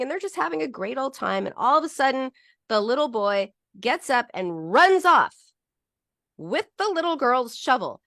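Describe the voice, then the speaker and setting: Animated, lively woman psychologist. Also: medium pitch, dry recording, studio quality. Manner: animated, acts out quoted voices, frequent restarts. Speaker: psychologist and podcast host. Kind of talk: casual teaching monologue with anecdotes.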